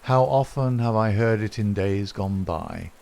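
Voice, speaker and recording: A composed gentleman detective speaks with measured courtesy and dry irony, as a male reader brings him to life. He delivers each line slowly and evenly, never raising his voice. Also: on the low side, creaky. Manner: measured, courteous and dryly ironic. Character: calm wry gentleman detective, male, middle-aged.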